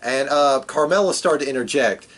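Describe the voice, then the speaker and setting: A man's voice: medium pitch, expressive, normal speed, fairly bright tone. A man co-hosting a podcast, casually recapping a wrestling show with lots of ums and uhs. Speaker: podcast co-host.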